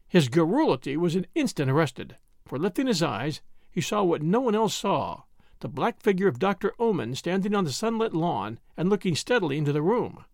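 A man narrating a story as an audiobook in a measured manner. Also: a little high, very animated, creaky, no echo, studio quality. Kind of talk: audiobook reading.

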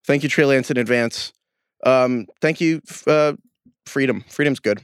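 A man co-hosting a casual sports podcast, talking in an animated, rambling, joking way. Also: medium pitch, normal speed, smooth, no room sound, clean studio sound. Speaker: podcast co-host. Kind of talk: casual chat.

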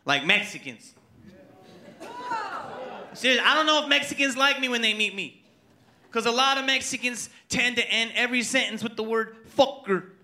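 A man performing a stand-up comedy set on stage, animated and putting on voices for his characters. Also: very high-pitched, moderate pace, pauses often. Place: comedy club stage with audience. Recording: live stage mic with loud crowd noise.

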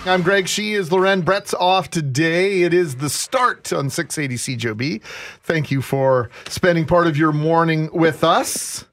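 A jokey man from Canada hosts a morning radio show. His voice sits a little high for a man. He chats loosely and tells stories between segments. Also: measured pace, a bit bright, soft background music. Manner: jokey storyteller, reads out phone and email details. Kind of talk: casual morning radio chat.

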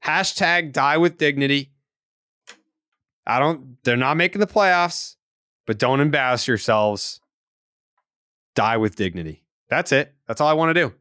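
A swearing podcast co-host needles his partner with a lively, up-and-down delivery. His voice is close and dry, with no room sound around it. He talks in a heated, mocking way. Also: mid-range voice, a little slow, long pauses, dry recording. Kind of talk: casual sports podcast banter.

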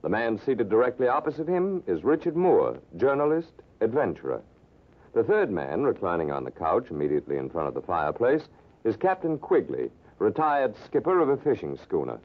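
An announcer, with a lowish voice and lively rise and fall. He introduces the scene in measured, scripted narration. The sound is narrow and lo-fi, like an old radio broadcast.

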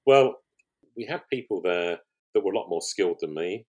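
An older man talks as a podcast guest, and his voice sits very low with a husky grain to it. He tells his stories in a loose, rambling way, often restarting his sentences. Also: animated, moderate pace. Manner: rambling, warm storytelling with frequent restarts. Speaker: guest, pottery show finalist. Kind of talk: conversational podcast interview.

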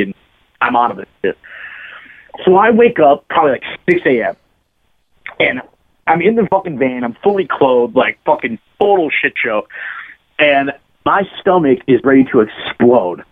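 Husky-voiced man telling a profane story. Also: mid-range voice. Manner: profane, rambling, laughs mid-story. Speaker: podcast guest, bass player. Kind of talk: casual storytelling. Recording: phone-like lo-fi sound.

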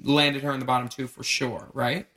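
A man co-hosting a podcast, tossing in jokes and quick quips. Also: mid-range voice, little pitch movement, sharp tone. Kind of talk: casual chat.

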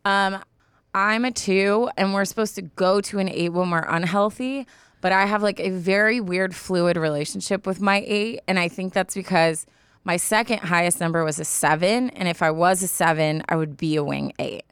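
A woman's voice: on the low side, normal speed, a bit bright, clean tone, no echo. A woman in her twenties co-hosting a podcast, chatting casually with many restarts and fillers. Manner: rambling, many restarts and likes. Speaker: podcast co-host. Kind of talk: casual chat.

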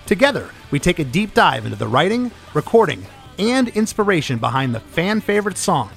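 A man hosting a podcast interview, talking with eager, enthusiastic fan energy. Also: a little high. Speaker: podcast host.

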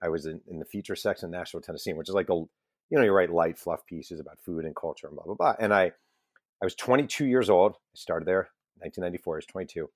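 Deep-voiced man telling stories animatedly. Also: quick pace, no room sound, studio quality. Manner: animated anecdotal storyteller, self-deprecating, swears casually. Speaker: guest journalist and author. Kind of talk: casual interview storytelling.

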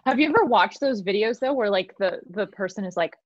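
A woman's voice: medium pitch, expressive, brisk, dry recording, dull audio. A woman co-hosting a podcast in casual chat, playful and teasing. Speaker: podcast co-host.

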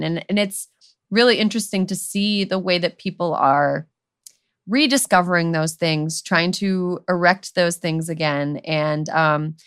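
A woman's voice: on the low side, fairly bright tone, clear, resonant tone, no room sound, studio quality. A woman co-hosting a podcast, talking in a loose, rambling way with lots of "like" and "you know". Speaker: podcast co-host. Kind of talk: casual conversational chat.

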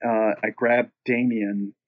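A man's voice: on the low side, level tone, slow pace, phone-quality sound. A man, a band singer, telling a long story in casual chat, rambling and swearing freely.

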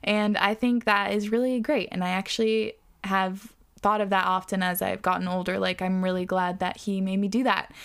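A woman's voice: medium pitch, level tone, moderate pace, hardly any pauses, smooth. A young adult woman hosting a podcast alone, talking in a chatty, reflective way with lots of fillers. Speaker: podcast host. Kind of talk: casual solo podcast talk.

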